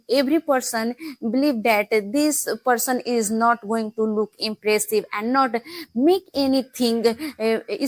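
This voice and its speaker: A young woman talks through her practice with many pauses and restarts. Her voice sits somewhat high. The sound is close and dry, with no room around it. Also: no room sound. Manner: halting, many fillers and restarts. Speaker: English learning vlogger. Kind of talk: casual talk to camera.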